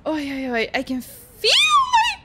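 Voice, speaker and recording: A woman's voice: sits high, huge pitch swings, normal speed, heavy background noise. A young woman with a Dutch accent giving live gameplay commentary, jumpy and shrieking and laughing at scares. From Netherlands. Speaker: streamer.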